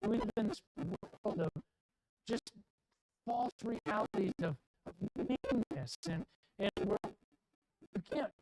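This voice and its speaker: A man's voice: high voice, expressive, takes it slowly, pauses often, a little mellow, faint music behind, poor audio. A man preaching a sermon in a church, with an emphatic, repetitive cadence. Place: church sanctuary.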